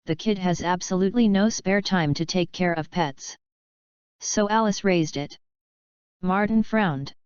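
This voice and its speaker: A woman narrating a fanfiction audiobook in an even, unhurried reading. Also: lowish voice, smooth, no echo. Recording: dull lo-fi recording.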